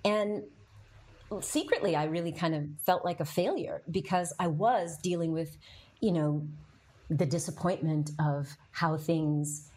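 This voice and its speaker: A middle-aged woman with a fairly low voice tells her own story on a podcast. She talks candidly and with feeling, and she answers the comments of her live audience as she goes. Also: a little slow, darkish tone. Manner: candid and emotional, with frequent fillers. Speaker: podcast host.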